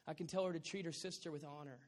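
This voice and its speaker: A male pastor preaches with a high, bright voice that swings from quiet asides to loud bursts. His delivery is lively and humorous. The sound rings with the long reverb of a large church sanctuary. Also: quick pace. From Southern California. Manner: animated, joking preacher with sudden loud bursts. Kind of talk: sermon.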